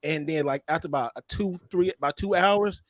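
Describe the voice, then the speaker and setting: A man hosting a podcast with a Texan accent, telling animated, slangy stories in casual chat and laughing often. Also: a little high, brisk, no echo. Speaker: podcast host.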